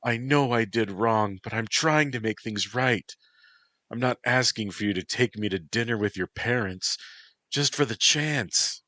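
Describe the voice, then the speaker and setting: A man's voice: medium pitch, measured pace, pushed and bright, dry recording, voice pushed up. A man voicing an emotional young woman who pleads, cries and lashes out. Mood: pleading. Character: volatile, heartbroken young woman actress.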